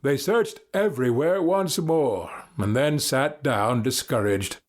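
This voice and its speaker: A man narrating a story in a steady, storybook manner. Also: medium pitch, slow pace. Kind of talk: scripted narration.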